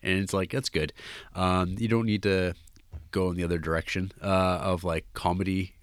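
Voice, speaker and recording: A man's voice: low-pitched, flat delivery, normal speed, dry recording, clean studio sound. A man co-hosting a podcast, talking through a film in a rambling casual way with many fillers and restarts. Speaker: podcast co-host.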